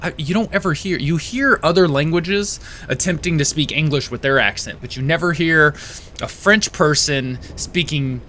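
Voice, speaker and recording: A man's voice: fairly high pitch, moderate pace, bright, forceful tone, a little hiss or hum. A man giving casual gameplay commentary in a rambling way, swearing and wandering into tangents with frequent restarts. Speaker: let's play gamer.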